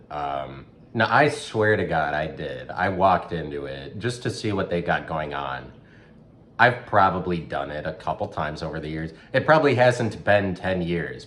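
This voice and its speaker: Low-voiced rambling sarcastic man. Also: a bit bright, a little hiss or hum. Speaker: podcast host. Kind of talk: rambling comedic monologue.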